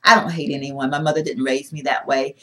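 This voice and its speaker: Woman beauty vlogger, casual rambling delivery, animated and chatty. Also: extremely low pitch, brisk. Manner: chatty, rambling, animated, talks with her hands. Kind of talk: casual product-testing vlog.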